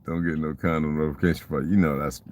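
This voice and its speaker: A man's voice: very deep voice, fairly even intonation, fast talker, slight background noise. An older man telling rambling, profane stories in a casual monologue and asking rhetorical questions. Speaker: vlogger.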